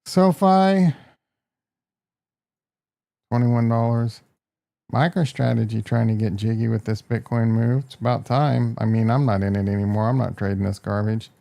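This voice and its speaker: Brash Midwestern man, mellow voice. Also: on the low side, little pitch movement, fairly quick, gravelly. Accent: Midwestern American. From American Midwest. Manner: brash, joking, talks to chat. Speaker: market livestream host. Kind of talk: casual live market commentary.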